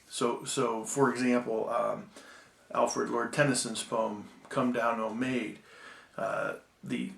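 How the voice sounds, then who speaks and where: A man giving a recorded Bible-school lecture, measured and full of ums and restarts, slowing down to read poems aloud. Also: medium pitch, vocal fry, fairly bright tone, echoey room.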